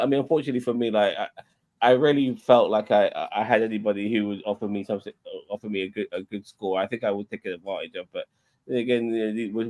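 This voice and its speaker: A man's voice: on the low side, darkish tone. A man streaming in casual chat, rambling, repeating himself and swearing a lot.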